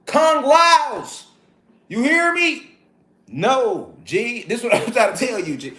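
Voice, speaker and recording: A man's voice: very high voice, big pitch swings, slow, sharp tone. A man giving a profane, preachy lecture to his viewers, full of repeated call-and-response asides. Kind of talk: street-style lecture to viewers.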